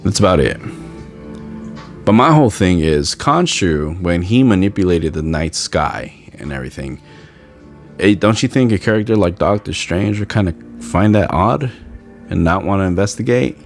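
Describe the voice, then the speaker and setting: Deep-voiced man chatting casually. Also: animated, moderate pace, faint music behind. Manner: rambling, conversational, with fillers and restarts. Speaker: podcast host. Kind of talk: casual podcast chat.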